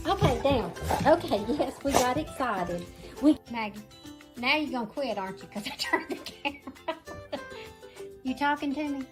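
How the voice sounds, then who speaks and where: High-voiced woman coaxing her dog. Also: animated, moderate pace, long pauses, faint music behind. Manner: coaxing, playful, baby-talk scolding. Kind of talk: talking to a pet dog in a home video.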